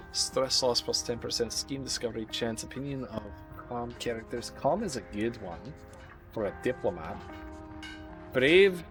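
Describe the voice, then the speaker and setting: A man's voice: medium pitch, fairly bright tone. Wry male streamer reading game text. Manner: reads game text aloud with wry asides. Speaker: live streamer. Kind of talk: live gameplay commentary.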